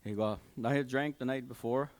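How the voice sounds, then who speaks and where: An older man gives his personal testimony at a church service, telling it in a halting, heartfelt way with many fillers and restarts. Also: mid-range voice, fairly even intonation. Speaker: church member giving testimony. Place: community hall church service.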